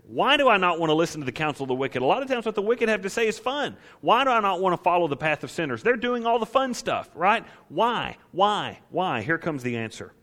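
A man's voice: sits high, very animated, fast, hardly any pauses, fairly bright tone. A man preaching a conversational sermon, emphatic and driving his points home with repeated rhetorical questions. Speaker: preacher teaching the Psalms.

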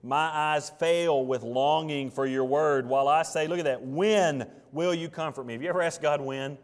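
Earnest preacher in a reverberant hall. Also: male voice, on the high side. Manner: earnest preaching, slows and rises on scripture, drops soft on questions. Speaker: pastor. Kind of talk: sermon.

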